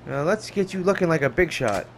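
A man's voice: fairly high pitch, expressive, brisk, slight background noise. A man reading game subtitles aloud, voicing a chatty young male TV assistant in a casual, reassuring way. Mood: breezy.

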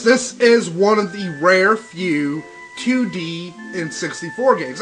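A young man hosting a let's play, ranting and swearing in excitable, casual gaming commentary over faint game music. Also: high-pitched.

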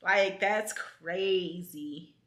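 A young woman making a reaction video, chatting casually and excitably to her viewers and rambling with lots of fillers. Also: fairly low pitch, extremely slow, over music. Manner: addresses viewers directly. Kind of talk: casual chat.

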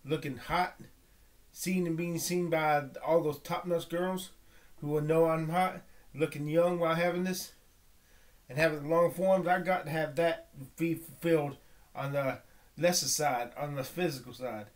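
A man praying aloud in a halting, pleading monologue, often breaking off and restarting, dropping to a hush at times. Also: on the high side, steady tone. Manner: drops to a hushed whisper at times. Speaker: vlogger. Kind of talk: spoken prayer monologue.

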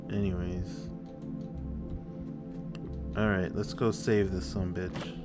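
A man's voice: low-pitched, little pitch movement, slow pace, long pauses, music in the background. A man giving live gameplay commentary, cursing and joking as he talks to himself.

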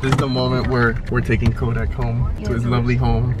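A man vlogging casually, excited and gushing as he picks up his first puppy. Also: medium pitch, fairly quick, loud music behind the voice. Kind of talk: casual vlog chat. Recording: loud background noise.

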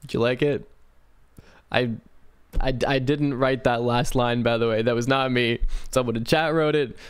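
A man's voice: mid-range voice, fairly even intonation, moderate pace, clean tone, dry recording. A man casually narrating his music-making vlog, joking at himself and swearing. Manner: jokey, swearing, laughs at himself. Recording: music playing underneath.

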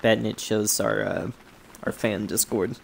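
A man's voice: on the low side, measured pace, vocal fry. Chatty man hosting a noisy stream. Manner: relaxed, chatty, many fillers. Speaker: stream host. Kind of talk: casual gaming stream chat.

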